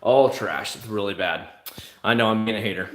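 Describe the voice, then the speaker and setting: A man's voice: lowish voice, normal speed, fairly bright tone, reverberant. A middle-aged man from South Florida, hosting a casual live chat, blunt and profane, often mimicking others mid-rant. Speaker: livestream host answering chat. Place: home room, in Kissimmee.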